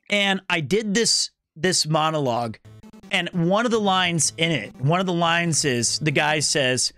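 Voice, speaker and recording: A high-pitched man with a bright, forceful voice, telling a story on a livestream. He talks casually, swears freely and acts out the people he quotes. He stays animated throughout. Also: moderate pace, soft background music. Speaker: streamer.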